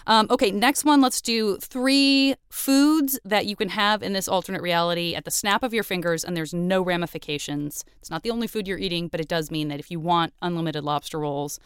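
A woman's voice: fairly low pitch, a little fast, hardly any pauses, smooth, dry recording, studio quality. A woman hosting a casual podcast interview, talking with effusive enthusiasm. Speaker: podcast host.

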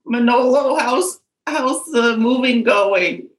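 A woman's voice: fairly high pitch, slow pace, rough recording. A woman calling in to a comedy game over a video call, playful and giggly, putting on comic baby talk. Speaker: caller.

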